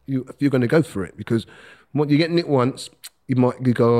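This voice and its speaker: A middle-aged man, telling stories as a podcast guest in a casual, animated way, acting out quotes and laughing as he talks. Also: mid-range voice, a little fast. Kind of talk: casual storytelling.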